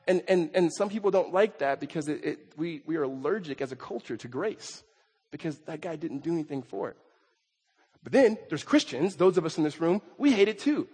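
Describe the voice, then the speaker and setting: A man with a high, slightly husky voice delivers a sermon from the pulpit. He is emphatic and stumbles over repeated words as he presses his point. His voice rings out with long reverb through a large sanctuary. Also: animated, brisk, mellow. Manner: emphatic, stammering restarts, acts out quotes. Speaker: pastor. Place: church sanctuary. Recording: long reverb in a big hall.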